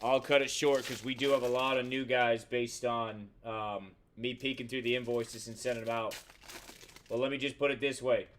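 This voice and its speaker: A man's voice: mid-range voice, fairly even intonation, moderate pace, a bit bright, a little hiss or hum. A man hosting a live trading card box break, chatting casually with viewers, swearing freely and rattling off player names and teams as he opens packs. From Central Florida.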